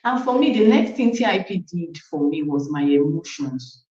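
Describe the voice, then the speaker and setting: Nigerian woman, thirties, animated testimony storyteller; roomy, slightly muffled recording. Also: sits low, normal speed. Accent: Nigerian English. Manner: animated storytelling with acted quotes, frequent asides to the coach. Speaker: parent sharing a testimony. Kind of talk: casual personal testimony.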